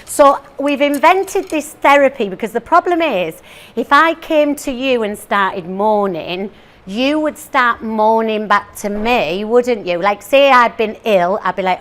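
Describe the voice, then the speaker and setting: A woman's voice: fairly high pitch, a little slow. A woman in her forties from northern England giving a comic motivational talk to a live audience, playful and chatty, teasing the crowd with questions and asides. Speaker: motivational speaker.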